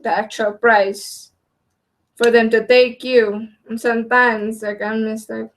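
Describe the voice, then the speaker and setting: A woman's voice: a little high, little pitch movement, unhurried, rough recording. A woman chatting casually with her partner, speaking plainly about her own reactions. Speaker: co-host, partner. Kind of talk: casual chat.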